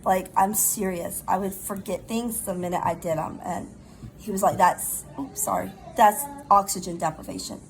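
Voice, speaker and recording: A middle-aged woman, chatting casually in a rambling, animated storytime while recovering from pneumonia. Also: medium pitch, normal speed, faint music behind, poor audio. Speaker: vlogger.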